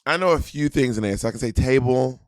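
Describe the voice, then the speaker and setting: A man's voice: mid-range voice, quick pace, no room sound. A man co-hosting a podcast in casual chat, offhand and joking. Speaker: podcast co-host.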